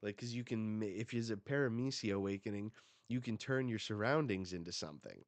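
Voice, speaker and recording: A man hosting a live manga reaction, excitable and full of casual slang and swearing. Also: fairly low pitch, brisk, no echo. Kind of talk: live reading and reaction commentary.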